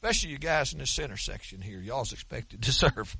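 A man preaching a sermon as pastor, emphatic and folksy, slowing down to stress scripture. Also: mid-range voice, big pitch swings, creaky, sharp tone, husky. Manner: folksy, with colloquial asides and repeated words.

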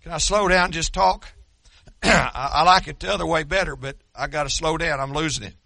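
An older man preaching a sermon as a pastor, folksy and joking, rising to fervor, and strained from yelling until he is losing his voice. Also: fairly high pitch, brisk, gravelly, no room sound.

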